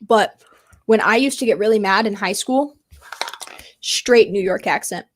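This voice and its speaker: A woman's voice: mid-range voice, a little slow, slight background noise. A woman co-hosting a casual podcast chat, talking in a chatty, self-deprecating way with lots of "like" fillers. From United States. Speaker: co-host.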